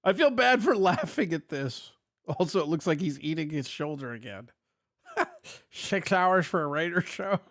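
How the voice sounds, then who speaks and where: A high-voiced man with a lively, swooping delivery. He reacts to another man's livestream with constant laughter and ridicule, sometimes slipping into a silly put-on customer voice. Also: measured pace, dry recording. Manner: mocking, laughs often, does a nerdy customer voice. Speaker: stream commentator. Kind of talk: mocking reaction commentary.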